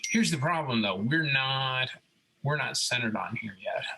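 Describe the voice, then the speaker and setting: Speaking unhurriedly with vocal fry in a medium-pitched voice, a man teaches robotics through a screen-recorded CAD tutorial. He lays out each step calmly and keeps asking "okay?" The poor audio carries a little hiss or hum.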